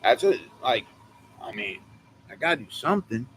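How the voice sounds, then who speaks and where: A man's voice: medium pitch, normal speed. A man from California chatting on a livestream, rambling and joking as co-host. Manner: rambling, excitable, jokey. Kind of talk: casual livestream chat.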